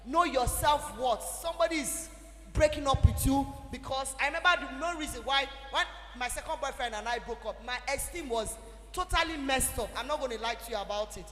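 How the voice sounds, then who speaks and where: A young Nigerian woman with a Nigerian English accent, giving an animated, emphatic teaching talk to a church audience. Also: high-pitched, a little fast. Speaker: church speaker. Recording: echoey hall with faint music.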